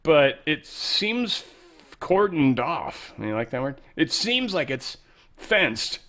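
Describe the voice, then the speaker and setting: A man's voice: fairly high pitch, big pitch swings, takes it slowly, pushed and bright. A man hosting casual political commentary, rambling and profane with sarcastic asides. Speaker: show host.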